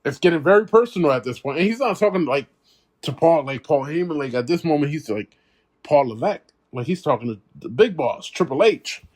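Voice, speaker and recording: A man hosting a casual solo wrestling podcast. He talks excitably, laughs often while retelling rivals' insults, and speaks straight to his audience. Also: a little high, a little fast. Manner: emphatic, addresses the audience directly.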